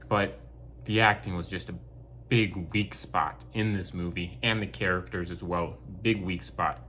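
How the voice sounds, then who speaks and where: A man talks through a film review in a relaxed, conversational way. His voice sits a little low, and he gives his opinions bluntly and candidly. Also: slight background noise. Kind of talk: casual spoken review.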